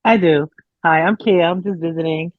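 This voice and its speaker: A woman's voice: fairly low pitch, moderate pace, dry recording. Polite woman asking a question over a dull call. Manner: polite, thoughtful, searching for words. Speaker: audience member asking a question. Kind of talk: question from the audience. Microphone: video call.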